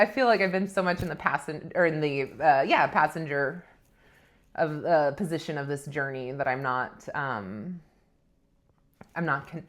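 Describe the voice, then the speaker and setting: A woman's voice: deep voice, fairly bright tone. A woman host of a spiritual vlog telling a personal story in a chatty, self-mocking way, laughing often. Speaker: spiritual vlogger.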